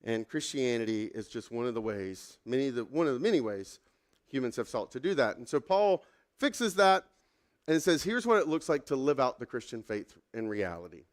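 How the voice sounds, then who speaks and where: A man's voice: medium pitch, sing-song, moderate pace. A pastor in his thirties giving a conversational, self-deprecating sermon with many fillers and asides.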